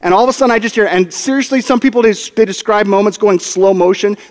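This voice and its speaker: A man with a bright, high voice preaches to his church, spinning a story with comic timing and acted-out lines. His words carry a long, reverberant hall sound. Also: fast talker. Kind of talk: storytelling sermon.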